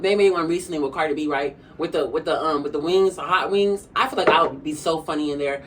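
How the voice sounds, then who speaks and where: A sassy young woman gabbing through a mukbang video, tossing "honey" at her viewers as she rambles from one thought to the next. Her voice sits a little low, and she sounds set back from the mic. A faint hum of the room runs underneath. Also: far from the mic, low-quality recording. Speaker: vlogger. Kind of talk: casual chat while eating.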